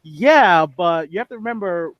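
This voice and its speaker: A man's voice: sits high, expressive, normal speed, no room sound, highs cut off. Earnest man telling an animation story. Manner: earnest storyteller, frequent restarts. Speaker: guest animator and director. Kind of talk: casual podcast interview.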